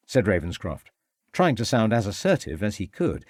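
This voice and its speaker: A man narrating an audiobook mystery in a measured, expressive storytelling style. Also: lowish voice, no echo, clean studio sound. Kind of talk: scripted narration.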